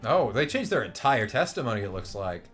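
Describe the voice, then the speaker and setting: A man chatting over a video game with lively, animated pitch, quick to joke and laugh. There is faint game music behind him. His tone is easy and playful, the talk loose and off the cuff. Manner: joking, laughs easily, animated. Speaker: let's play host. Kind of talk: casual game commentary with his wife.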